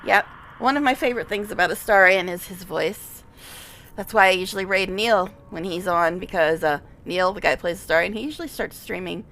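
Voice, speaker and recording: A woman's voice: mid-range voice, brisk, fairly bright tone. Giggly, chatty woman streamer. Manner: chatty and giggly, with frequent laughs. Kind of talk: casual gameplay commentary.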